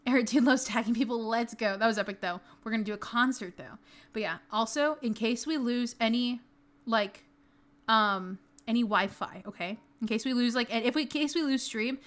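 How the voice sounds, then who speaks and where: Woman streamer, chatty and bubbly, brightish higher voice, desk mic. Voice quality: bubbly, chatty, talks to chat. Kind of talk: casual livestream chat. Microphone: desk mic, not close to mouth.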